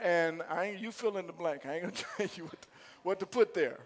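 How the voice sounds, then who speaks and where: A man's voice: high voice, expressive, a little fast, hardly any pauses, long reverb tail. A male pastor preaching a sermon in church, questioning the congregation and rising to emphatic bursts. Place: church sanctuary.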